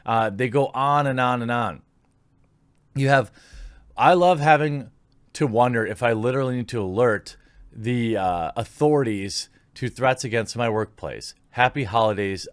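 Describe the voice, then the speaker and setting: A man's voice: medium pitch, no echo. A man giving opinionated commentary, sarcastic and indignant, reading posts aloud and reacting to them.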